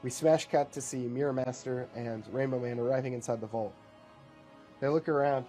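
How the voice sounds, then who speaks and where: A man's voice: mid-range voice, fairly even intonation, normal speed, warm tone, faint music behind. A man casually improvising a story aloud, rambling with fillers.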